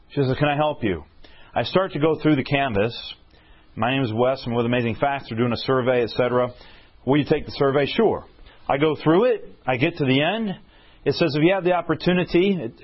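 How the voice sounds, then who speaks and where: A man preaching a storytelling sermon, animated and often checking in with his listeners with questions. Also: mid-range voice, muffled recording.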